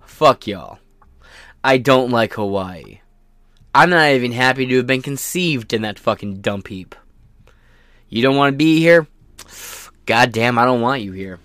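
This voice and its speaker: A man's voice: mid-range voice, lively intonation, a little slow, pauses often, a bit bright, no echo, studio quality. Profane ranting male podcast host. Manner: profane, sarcastic and combative.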